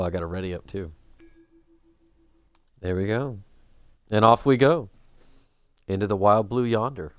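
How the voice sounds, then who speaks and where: A man's voice: lowish voice, dry recording. A man streaming a game, muttering sarcastic, swearing asides as he plays. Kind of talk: casual gameplay commentary.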